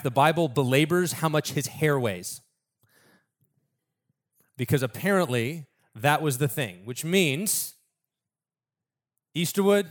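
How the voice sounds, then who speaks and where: A man's voice: a little high, fairly bright tone. A man preaching a sermon in a casual, conversational storytelling way, acting out the people in the story.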